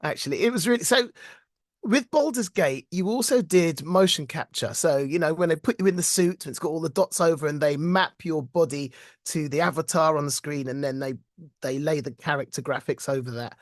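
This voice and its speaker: A middle-aged British man, a voice actor, telling stories in a casual interview with animated, self-deprecating warmth and frequent laughs. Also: on the high side, a little fast, no echo, studio quality. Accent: British English. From Britain. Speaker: voice actor guest.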